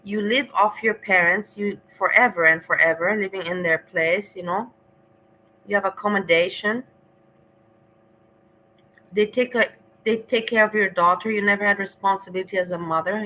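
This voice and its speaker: Bright-voiced woman ranting bluntly. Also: medium pitch, moderate pace, slight background noise, low-quality recording. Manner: blunt, scathing, profane. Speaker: reaction vlogger. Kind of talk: reaction commentary.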